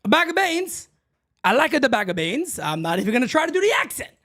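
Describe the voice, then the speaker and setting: Fired-up fan show guy, voice jumps all over, loud then mumbly. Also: very high-pitched, big pitch swings, very fast. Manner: emphatic, swings from shouting to muttering. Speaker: fan channel host.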